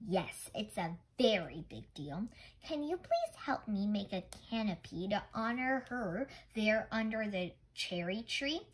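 A woman's voice: medium pitch, big pitch swings, measured pace, slightly rough. A woman voicing an eager, stubborn little girl who pleads to stay up. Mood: pleading.

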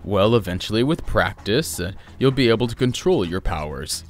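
A man's voice: on the low side, expressive, normal speed, soft background music, lightly acted. A man voicing a patient, firm superhero father who lectures earnestly.

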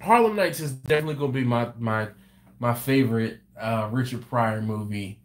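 A man hosting a live stream, reading viewer comments and chatting casually. He tells stories with animated energy and frequent laughs. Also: mid-range voice, moderate pace, a little hiss or hum. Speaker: BBQ channel host on a livestream.

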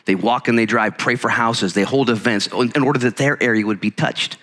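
Male pastor, sermon; bright tone, energetic conversational delivery, acts out quotes. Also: medium pitch, a little fast. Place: church sanctuary. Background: congregation present.

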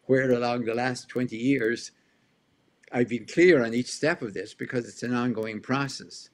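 A male historian answering an interview question, explaining lively and firing off rhetorical questions, with chuckles between points. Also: mid-range voice, moderate pace. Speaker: historian guest.

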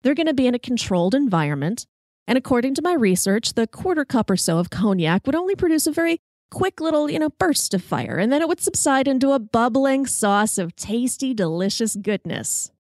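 A woman's voice: on the high side, very animated, fairly quick, a little mellow, no echo. Woman host spinning a comic kitchen tale, self-mocking and wry, dry close mic. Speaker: podcast host. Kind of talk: comic personal storytelling.

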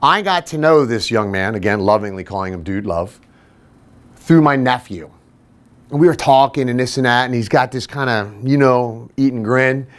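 A fitness trainer and podcast host tells a casual, self-deprecating story, animatedly acting out the other people's voices as he goes. His voice is mid-range and his speed normal.

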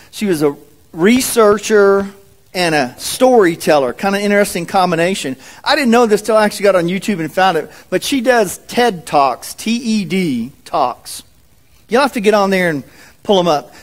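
A man preaching a sermon as a pastor, in an animated, folksy manner. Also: high-pitched, moderate pace. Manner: animated, folksy, acts out quotes.

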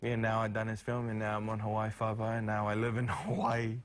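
A man with a New Zealand accent, an actor guesting on a TV morning show, talking in a halting way with many ums and restarts. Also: fairly low pitch, completely flat delivery, smooth. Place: TV studio.

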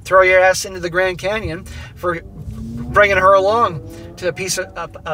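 A man talks straight to his viewers in a loose, off-the-cuff commentary, swearing freely as he hands out blunt advice. His voice sits a little high, with a bright, forceful edge. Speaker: host reading and reacting to a viewer's email. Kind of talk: casual video commentary.

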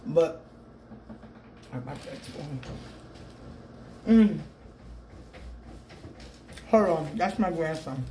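A woman's voice: low voice, expressive, takes it slowly, long pauses, dark tone. Middle-aged lady rambling at home for her vlog, echoey room, faint hum behind. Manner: rambling and chatty, calls viewers "people". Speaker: vlogger. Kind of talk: casual mukbang vlog chat. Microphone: phone with small clip-on mic.

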